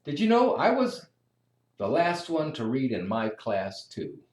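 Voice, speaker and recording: A reader voicing a patient, kind farmer dad in a children's storybook read-aloud, speaking gently and reassuringly. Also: mid-range voice, huge pitch swings, unhurried. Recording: echoey room.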